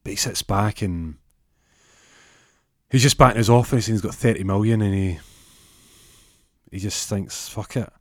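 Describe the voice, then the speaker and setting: Man, comic storyteller, rambling and stumbling, low voice, dry close sound. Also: unhurried, long pauses, dry recording. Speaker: comedic storyteller.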